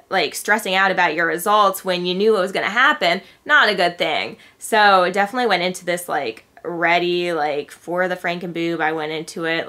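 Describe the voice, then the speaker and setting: A woman's voice: fairly low pitch, sharp tone. A young adult woman chatting casually to camera in a vlog, talking freely and filling her sentences with little filler words. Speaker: vlogger.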